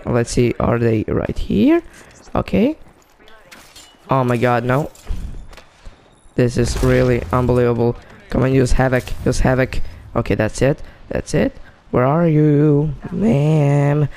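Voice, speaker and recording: Excitable gravelly man gaming. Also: medium pitch, a little hiss or hum. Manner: excitable, talks to himself and teammates, frequent exclamations. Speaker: gamer. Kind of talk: excited gameplay commentary.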